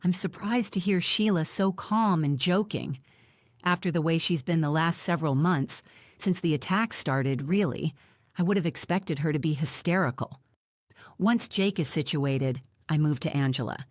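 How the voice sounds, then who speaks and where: A woman narrating an audiobook in the first person, reading in an even, measured way. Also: low-pitched, dry recording, studio quality.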